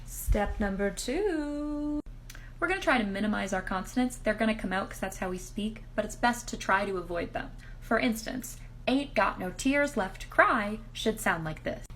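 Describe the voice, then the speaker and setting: A woman's voice: mid-range voice, animated, brisk, fairly bright tone, slight background noise. A woman explaining step by step, in an upbeat and chatty way, how to sing like pop singers. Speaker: singer and impressionist. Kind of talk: casual singing tutorial.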